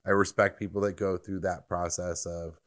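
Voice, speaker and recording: An American man with a very low, deep voice co-hosting a casual podcast. He rambles in an easygoing way, trailing into fillers and restarting his sentences as he works toward his point. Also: little pitch movement, normal speed. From United States. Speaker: podcast co-host.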